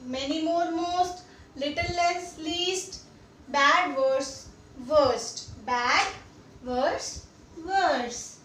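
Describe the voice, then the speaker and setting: Young female teacher with an Indian English accent and a high voice, repetitive and checking in with students, heard from a distance in an echoey room. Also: extremely slow, a bit bright. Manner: repeats examples and checks understanding. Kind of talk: classroom grammar lesson. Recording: echoey room, distant mic, faint noise.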